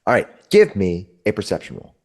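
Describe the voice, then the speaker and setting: A man's voice: sits low, wildly swooping pitch, fairly quick. A man narrating as game master, describing scenes in a meandering, searching way. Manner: descriptive and meandering, with frequent restarts.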